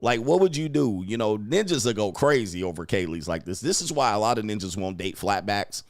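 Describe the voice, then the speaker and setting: A man's voice: lowish voice, expressive, a little fast. A man coaching and commenting on clips in a crude, mocking way, laughing often. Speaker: dating coach.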